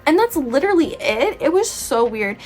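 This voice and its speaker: A woman's voice: high-pitched, big pitch swings, normal speed. Chatty, exasperated woman reviewing books. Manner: exasperated, chatty, heavy use of "like". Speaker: book reviewer. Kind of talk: casual book review vlog.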